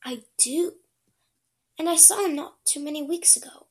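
A woman's voice: high-pitched, moderate pace, darkish tone, voice pushed up. A woman reading aloud voices a blunt sailor man who talks in a plain, clipped way.

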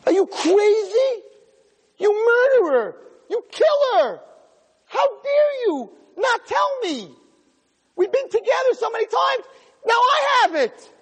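A man voicing a furious, betrayed young wife who shouts accusations in a shrill voice. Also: wildly swooping pitch, measured pace, hardly any pauses, breathy edge, heavily acted. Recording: long hall reverb.

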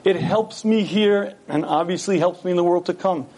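A man's voice: sits high, moderate pace, darkish tone. A man giving an earnest Torah lecture, telling stories and asking his listeners rhetorical questions.

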